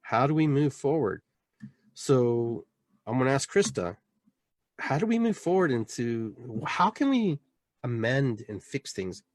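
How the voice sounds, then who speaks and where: A middle-aged man hosts a casual town-hall style chat, talking in an emphatic, rambling way with frequent restarts. His voice sits at an ordinary pitch for a man. The recording is dry, with no room sound. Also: big pitch swings, a little slow. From Peru. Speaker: podcast host.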